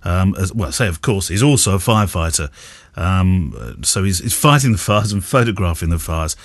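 A man's voice: low-pitched, animated, brisk, dry recording. A man co-hosting a podcast, rambling and chuckling as he corrects himself. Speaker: podcast co-host. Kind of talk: casual podcast chat.

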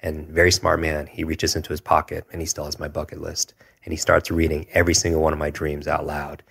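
A man in his forties recounts his past as an interview guest, earnest and reflective. His voice sits extremely low, and his pitch moves very little. He often pauses on asides like "if you will". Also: completely flat delivery, creaky, a bit bright, husky. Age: 40s. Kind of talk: personal storytelling in an interview.

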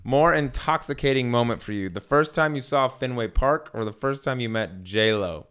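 Smooth-voiced playful male co-host. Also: medium pitch, moderate pace, fairly bright tone. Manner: playful, teasing questions. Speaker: podcast co-host. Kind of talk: casual interview chat.

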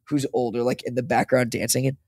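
A man's voice: mid-range voice, fast talker, no echo. Young guy podcast cohost, hyped and swear-y, lots of "like", dry close sound. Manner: excitable, swears, says "like" and "dude" a lot. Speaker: podcast co-host. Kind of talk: casual chat.

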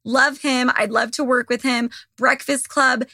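A woman's voice: sits high, fairly even intonation, unhurried, pushed and bright, dry recording, clean studio sound. A young woman hosting a podcast, ranting candidly and swearing freely in a casual monologue, her voice a little worn. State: slightly losing her voice. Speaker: podcast host.

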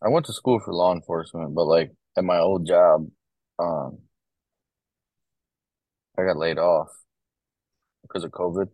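A man's voice: sits low, measured pace, long pauses, dry recording, poor audio. A young man, a corrections officer, telling stories in casual conversation, loose and full of fillers. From Ohio, US. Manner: relaxed storytelling, many fillers. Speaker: podcast guest, corrections officer.

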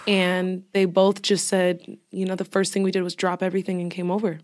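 A woman's voice: on the low side, completely flat delivery, fairly quick. A young woman co-hosting a podcast, sharing a personal story in casual chat and often sinking into a near whisper. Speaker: podcast co-host.

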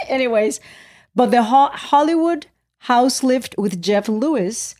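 A woman's voice: fairly high pitch, lively intonation, takes it slowly, warm tone. A woman co-hosting a podcast in casual chat, telling stories animatedly and laughing often, in a podcast room. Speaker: podcast co-host.

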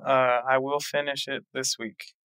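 A man's voice: medium pitch, level tone, unhurried, sharp tone, clear, resonant tone, no echo. A man co-hosting a podcast, chatting casually in an easygoing way and weighing his opinions. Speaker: podcast co-host. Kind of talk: casual chat.

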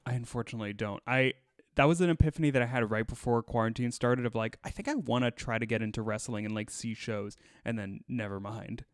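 A man co-hosting a podcast, chatting with animated enthusiasm and frequent laughter. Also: mid-range voice, fast, smooth, no room sound, studio quality. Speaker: podcast co-host. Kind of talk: casual chat.

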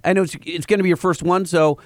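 A man's voice: sits high, quick pace, dry recording, studio quality. A man co-hosting a podcast in casual chat, teasing a guest. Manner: teasing, animated. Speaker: podcast co-host.

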